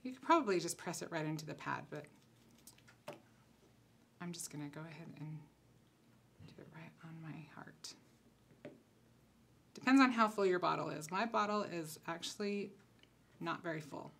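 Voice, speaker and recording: A woman's voice: low-pitched, moderate pace, creaky, pauses often. A woman giving a casual craft tutorial, chatting and thinking aloud as she works at her table. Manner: chatty, relaxed, thinks aloud while working. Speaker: concept designer demonstrating crafts.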